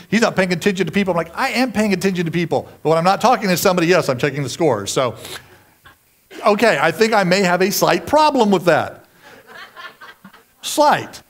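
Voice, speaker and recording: A man preaching a sermon, animated and self-mocking, with sudden shouted outbursts. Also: high voice. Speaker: pastor.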